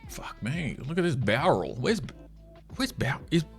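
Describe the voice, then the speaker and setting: A man's voice: a little high, sing-song, unhurried, vocal fry, faint music behind. A man giving casual, profane commentary, sarcastic and mocking, laughing between jabs as he reacts to online posts.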